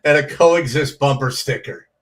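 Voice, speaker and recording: A comedian telling animated stories from his years on the comedy circuit, acting out the voices of people in them. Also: mid-range voice, moderate pace, recorded from a distance, rough recording. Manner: animated storyteller, acts out quoted voices. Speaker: comedian guest. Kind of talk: casual storytelling.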